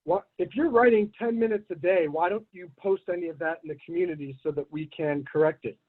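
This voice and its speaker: High-voiced man on a tinny call line. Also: fast talker, husky. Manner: chatty, rambling, blunt advice. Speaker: host of online community meeting. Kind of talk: casual group video call.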